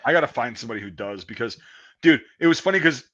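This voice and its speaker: A man's voice: mid-range voice, animated, quick pace, bright, forceful tone. A middle-aged man chatting casually as a podcast host, swearing freely and mimicking screams when he retells stories. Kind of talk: casual profane chat. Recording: dull lo-fi sound.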